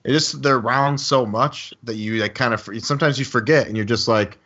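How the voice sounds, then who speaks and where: A man hosting a casual podcast over a video call, relaxed and mostly agreeing. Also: mid-range voice, fairly quick, dull audio. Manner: laid-back, short agreeing replies. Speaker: podcast host. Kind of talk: casual chat.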